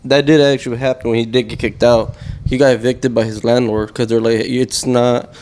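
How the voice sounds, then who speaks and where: A man co-hosting a casual family podcast chat, talking quickly, laughing easily and acting out what other people said. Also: mid-range voice, level tone, a little mellow. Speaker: podcast co-host.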